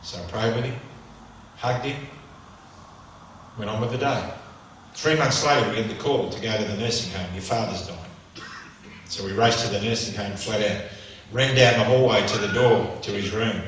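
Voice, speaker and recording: A man's voice: fairly low pitch, normal speed, long pauses, fairly bright tone. A middle-aged man, a motivational speaker, tells a vivid, emotional story and acts out the dialogue. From Australia. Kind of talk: storytelling talk. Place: church hall. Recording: echoey church hall from far off, faint noise.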